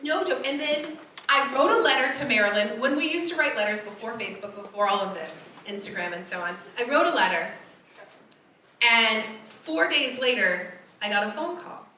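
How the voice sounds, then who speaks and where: Bright-voiced woman telling a story in an echoey hall. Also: a little high, normal speed, far from the mic, slight background noise. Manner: animated, acting out quoted voices. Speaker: keynote speaker. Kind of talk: personal storytelling keynote.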